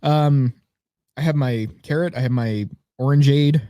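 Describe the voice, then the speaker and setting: Young dude rambling on a podcast, laughs a lot, warm voice, dry sound. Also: male voice, mid-range voice, unhurried, no echo. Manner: laughs often, rambling with fillers. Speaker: podcast co-host. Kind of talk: casual chat.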